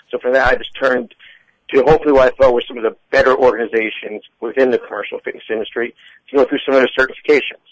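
A man with a mid-pitched voice, worn down because he is losing it, clears his throat and restarts his sentences. He answers a host's questions in a measured way. The recording is dry and close. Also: a bit bright, no room sound, rough recording. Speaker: fitness professional guest. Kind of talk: interview answers.

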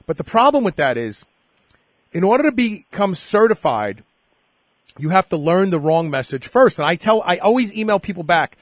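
A male radio host whose voice sits a little high for a man. He rambles, repeats himself and leans on fillers as he chats with a guest. The sound is dry and close, with no room around it. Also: lively intonation, normal speed, no echo. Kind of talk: casual interview chat.

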